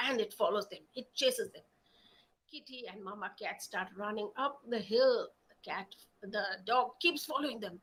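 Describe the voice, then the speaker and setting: A woman telling stories aloud in an expressive, dramatic way. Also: medium pitch, poor audio. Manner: expressive, slow, dramatic storytelling. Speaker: storyteller. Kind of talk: animated oral storytelling.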